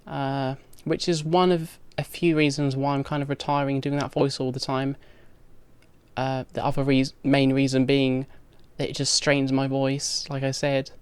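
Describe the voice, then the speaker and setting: A woman's voice: a bass voice, little pitch movement, normal speed, a little mellow, clean tone, dry recording. Young trans woman, frank diary talk. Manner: candid, frank, frequent fillers. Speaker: video diarist. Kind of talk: direct-to-camera diary monologue.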